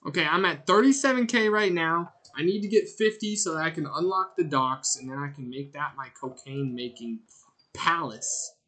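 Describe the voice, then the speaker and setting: A man streaming a game, chatting casually and rambling in a jokey way, with sudden loud outbursts as he answers his chat. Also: a little high, moderate pace. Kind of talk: casual gameplay commentary.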